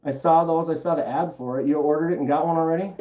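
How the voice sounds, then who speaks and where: A man's voice: on the high side, fairly even intonation, fast, echoey room, recorded from a distance, dull audio. A man hosting a casual livestream at home, chattily explaining each step and answering the chat aloud. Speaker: livestream host.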